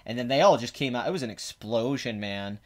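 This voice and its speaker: A man's voice: mid-range voice, lively intonation, brisk. A man hosting a podcast in casual chat, rambling and correcting himself with many fillers. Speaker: podcast host.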